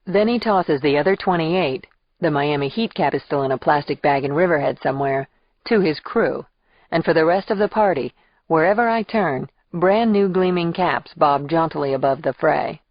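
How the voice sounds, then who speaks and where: Female first-person thriller narrator with a deep voice and a dry, slightly muffled sound. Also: moderate pace, no echo. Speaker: audiobook narrator.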